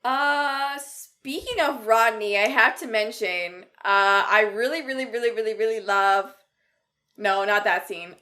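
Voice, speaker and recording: A woman's voice: fairly high pitch, unhurried, pushed and bright. A woman co-hosting a podcast, enthusiastic and reflective, laughing often in casual fan chat. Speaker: podcast co-host.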